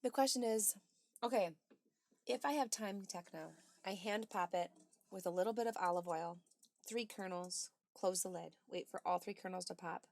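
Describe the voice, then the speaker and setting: Her voice sits in the mid range, slightly gravelly, at a moderate pace. She's hosting a laid-back livestream, reading out chat messages and responding with cheerful exclamations and soft side remarks.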